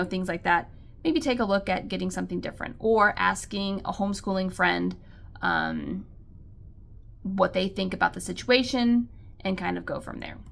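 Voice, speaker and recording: A woman's voice: mid-range voice, creaky, a bit bright. A homeschooling mother giving earnest, reassuring encouragement, speaking casually with many likes and ums. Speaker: homeschool mom and channel host. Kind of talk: encouraging talk to camera.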